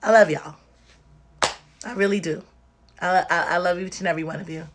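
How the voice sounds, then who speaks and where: Woman, somewhat low voice, tearful and worn out, emphatic and direct, livestream talk. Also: steady tone, a little fast, background noise. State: tearful and exhausted. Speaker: livestream host.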